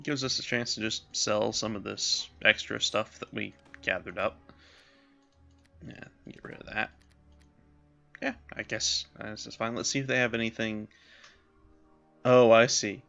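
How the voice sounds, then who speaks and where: A man's voice: on the low side, steady tone, a little slow, gravelly, long pauses, bright, forceful tone, soft background music. A man casually commenting while playing a role-playing game, musing aloud with self-deprecating asides. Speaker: let's play host voicing characters. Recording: slightly dull lo-fi sound.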